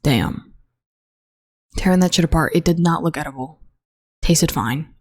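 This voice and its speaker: Low-voiced young woman rambling, profane. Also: unhurried, breathy edge, no echo, clean studio sound. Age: young adult. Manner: rambling, profane, flatly bored. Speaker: college student podcast host. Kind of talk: casual solo podcast monologue. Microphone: own desk microphone.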